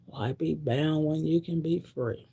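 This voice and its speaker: A woman's voice: deep voice, unhurried, gravelly, warm tone, breathy edge. A woman in her sixties giving a blunt, preachy monologue to camera, repeating her points. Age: 60s. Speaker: vlogger.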